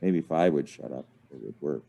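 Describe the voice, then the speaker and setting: A man's voice: a bass voice, expressive, fairly quick, gravelly, mellow. A man leading a small online discussion group, talking casually with many fillers and restarts over a video call. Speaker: study group leader.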